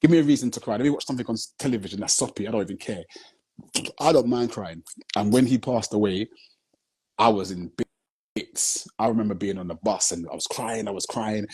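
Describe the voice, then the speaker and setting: Low, husky man telling it straight. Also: a little fast, darkish tone. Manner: earnest storytelling, heavy with "you know what I'm saying". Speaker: guest, film director. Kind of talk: candid live chat. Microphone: phone on a live video stream.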